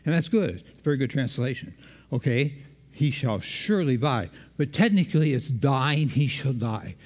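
A man's voice: mid-range voice, very animated, normal speed, a little mellow. Man preaching in a reverberant hall. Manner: engaging, quizzes the congregation. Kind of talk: sermon.

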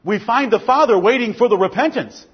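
A man's voice: very high-pitched, a little fast, husky. A male preacher delivering a fervent sermon with emphatic repetition, on a dull lo-fi recording.

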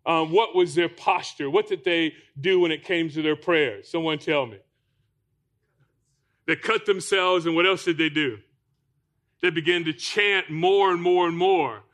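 Man preaching in a church, quizzing his listeners, ringing tone, pitched a bit high. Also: a little slow, fairly bright tone. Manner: rhetorical questions to the congregation. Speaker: pastor. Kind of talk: sermon.

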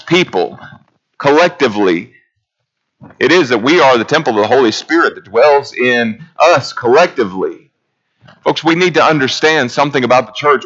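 A man preaching a sermon in a church, earnest and full of rhetorical questions, his voice swelling high and then dropping low. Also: a bit bright, dull audio.

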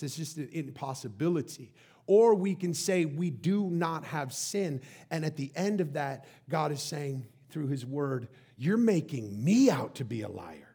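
A man's voice: fairly high pitch, dark tone, husky. A man preaching a sermon, telling a family story and acting out the voices of the people in it. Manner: storytelling, acts out quoted voices. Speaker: pastor.

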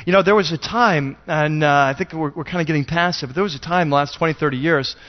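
High-voiced pastor telling a funny story. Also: male voice, fast talker. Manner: self-deprecating, rambling, conversational. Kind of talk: humorous sermon storytelling. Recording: dull lo-fi sound.

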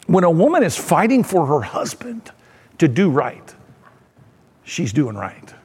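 A male pastor with a high voice, preaching in an animated, conversational manner and often checking that his listeners follow. His voice rings through a church sanctuary with a long, lingering reverb. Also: a little slow, slightly rough. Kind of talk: sermon.

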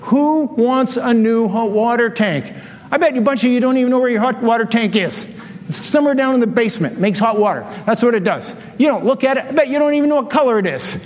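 A middle-aged man preaching a sermon, telling stories and acting out quoted lines with lively humor. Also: very high voice, fast, in a large hall. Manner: animated storytelling with acted-out quotes. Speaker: pastor.

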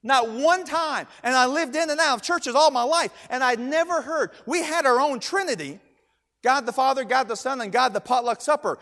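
High-voiced preaching man in a hall. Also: normal speed. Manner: storytelling preacher, repeats words, rising to loud emphatic shouts. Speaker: pastor. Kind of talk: sermon. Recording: long reverb of a large hall.

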